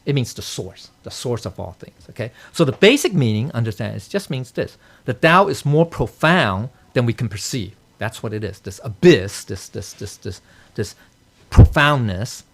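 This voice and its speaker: Male teacher, gravelly voice, animated pitch, loose rambling lecture delivery. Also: normal speed. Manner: rambling, lots of filler and "okay?" checks, chuckles. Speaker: Dao study teacher. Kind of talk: casual spoken lecture. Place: temple study session.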